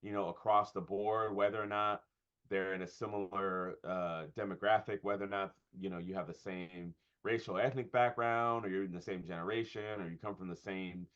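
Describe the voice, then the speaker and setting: A pastor and comedian speaking in a conversational interview, thoughtful and often pausing with fillers and restarts. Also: male voice, low voice, steady tone, fairly bright tone. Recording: dull lo-fi sound.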